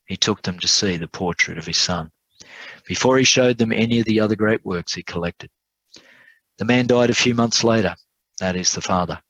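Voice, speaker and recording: A low-voiced male preacher tells a sermon story earnestly and slows down to stress key lines. The sound is dry and close. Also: a bit bright, dry recording, poor audio.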